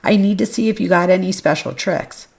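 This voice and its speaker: A woman's voice: lowish voice, brisk, creaky, a little mellow. A woman hosting a podcast, reading case records and message exchanges aloud with casual, blunt asides. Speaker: podcast host.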